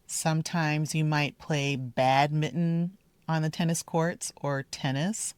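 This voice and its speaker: Slow, careful woman teaching pronunciation. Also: deep voice, fairly even intonation, smooth, no echo. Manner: deliberate, repeats model words slowly. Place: outdoors in a park, walking with her dog.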